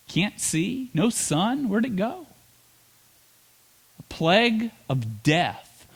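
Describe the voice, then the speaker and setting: A man preaching a sermon as pastor, telling the story with playful asides and quick acted lines. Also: sits high.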